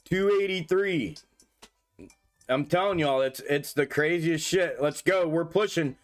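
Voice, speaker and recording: A man hosting a casual stock market livestream, talking to his viewers, cursing freely and getting excitable over price moves. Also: a little high, unhurried, soft background music. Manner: profane, excitable, talks to viewers as "y'all". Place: home desk setup.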